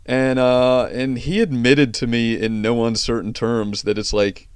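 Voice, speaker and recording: A man's voice: mid-range voice, flat delivery, measured pace, clean tone, no echo. Blunt ranting man, dry sound. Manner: blunt, ranting, swears often. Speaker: host reacting to videos. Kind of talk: casual profane chat.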